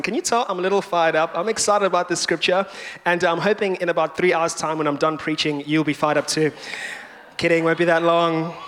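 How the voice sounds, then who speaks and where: A high-voiced man preaches with energy and humour from a church stage. His voice carries with a long reverb through a large hall, rising to rousing calls to the congregation. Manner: energetic, rousing, joking asides. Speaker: pastor. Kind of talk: lively sermon.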